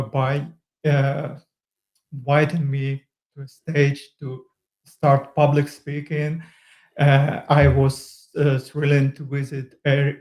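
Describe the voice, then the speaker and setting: A man with a non-native accent, a podcast guest speaking in casual chat, hesitant with many fillers and pauses. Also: a little high, a little mellow. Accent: Eastern European. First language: not English. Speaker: podcast guest, user group leader. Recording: echoey room.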